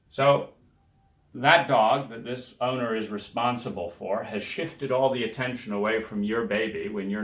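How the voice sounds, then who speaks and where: A man's voice: medium pitch, a bit bright. A man hosting a self-help podcast, talking through examples in a conversational, emphatic way and acting out the people he quotes. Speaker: podcast host. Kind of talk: reflective self-help monologue. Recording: echoey room.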